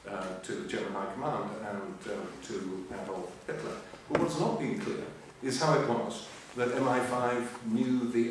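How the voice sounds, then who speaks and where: An older man giving a history lecture, full of ums and uhs, with dry humour. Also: fairly low pitch. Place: lecture hall. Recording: echoey hall, voice from far off, faint hiss.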